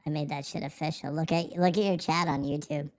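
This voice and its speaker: A man's voice: fairly high pitch, steady tone, fairly quick. A man hosting a casual live stream from home, swearing freely, goofing around and answering the chat. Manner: profane, goofy, talks back to the chat. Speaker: livestream host.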